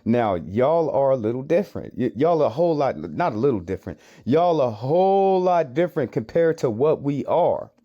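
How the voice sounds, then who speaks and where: A man's voice: medium pitch, very animated, normal speed, hardly any pauses, highs cut off. An American man giving reaction commentary on clips, arguing with rhetorical questions and repeated phrases.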